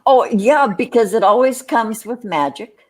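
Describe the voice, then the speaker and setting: A woman co-hosting a casual livestream chat show, rambling with many restarts and quick laughs. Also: a little high, lively intonation, darkish tone.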